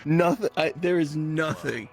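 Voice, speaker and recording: A young man joking in casual voice chat role-play, hoarse and tired, with sardonic, crude banter. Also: a little high, measured pace, music in the background.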